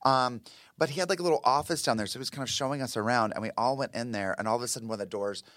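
A man's voice: medium pitch, rapid-fire, no echo, studio quality. Chatty man telling a story on a podcast. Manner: animated, chatty, lots of "like" and restarts. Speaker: podcast guest, comedian and actor. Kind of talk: casual storytelling chat.

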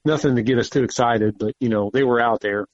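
A man casually telling a hunting story, animated and swearing often as he acts out what people said. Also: medium pitch, fast talker, no echo, lo-fi sound. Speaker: podcast guest, hunter.

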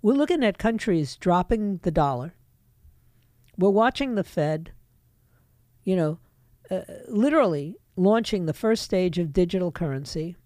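A woman's voice: fairly low pitch, animated, a little slow, long pauses, warm tone, no echo, clean studio sound. Emphatic woman radio talk host. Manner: emphatic, opinionated, talks straight to listeners. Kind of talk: political talk radio monologue.

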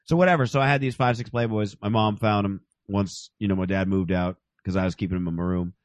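A man's voice: sits low, level tone, fairly quick, no room sound. A man in his thirties telling a rambling, crude, self-mocking story in casual chat. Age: 30s.

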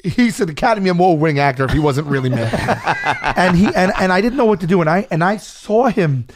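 An animated, fairly high-voiced man tells a story in a loose, casual chat. He stumbles over his words and jumps into loud impressions of the people in it. His delivery swings widely in pitch. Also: fairly quick, noisy background. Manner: animated, acts out a shouting wrestler and his own stammering. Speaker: storyteller guest.

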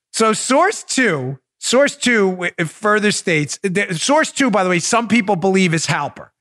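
A man in his forties hosts a political commentary podcast in a very high, bright voice. He swings wildly up and down in pitch, breaking into incredulous exclamations and bursts of laughter. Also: animated, slow pace. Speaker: podcast host.

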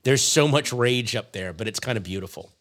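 A man hosting a podcast in casual chat, rambling and halting with plenty of ums. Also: mid-range voice, expressive, fairly bright tone. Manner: rambling, halting with many fillers. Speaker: podcast host.

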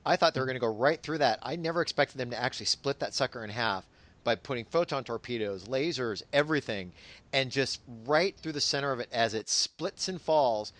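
A man's voice: mid-range voice, lively intonation, fairly quick, fairly bright tone. A man talking enthusiastically in a casual podcast chat, often repeating himself. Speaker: podcast co-host.

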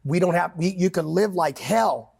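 Gravelly, high-pitched preaching man. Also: moderate pace, a little mellow. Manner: emphatic, quotes scripture, swings pitch widely. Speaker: pastor guest. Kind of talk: impassioned preaching in conversation.

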